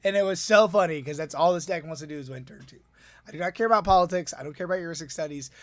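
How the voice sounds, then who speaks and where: A man giving a casual, excitable, rambling breakdown of the games he played as tournament organizer. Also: fairly high pitch, no echo. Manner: excitable, rambling, quick asides.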